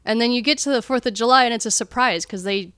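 A woman's voice: a little high, quick pace, a bit bright, clear, resonant tone, no room sound, studio quality. A woman co-hosting a podcast, casually arguing about a film with strong opinions and retelling scenes with animation. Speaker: podcast co-host.

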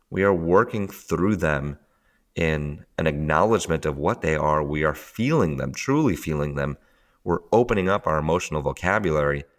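A man casually explaining emotional tapping in conversation, often laughing and acting out what people think to themselves. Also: a bass voice. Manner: animated, laughs often, acts out inner voices. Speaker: tapping teacher, podcast guest.

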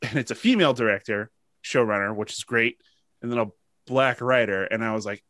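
The host's mid-range voice moves fairly quickly, recorded without room sound. He chats casually on his podcast, telling animated, emotional stories packed with fillers.

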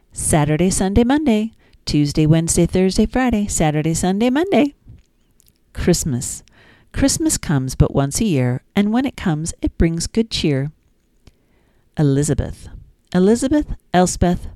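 A woman's voice: deep voice, mellow, no echo. A woman hosting a children's podcast, reading nursery rhymes in a sing-song, playful way with little asides.

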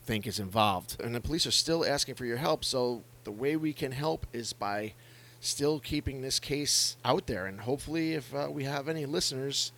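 A man's voice: mid-range voice, normal speed, a bit bright. A man co-hosting a true-crime podcast in casual chat, swearing freely and stammering when he gets worked up. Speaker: podcast co-host.

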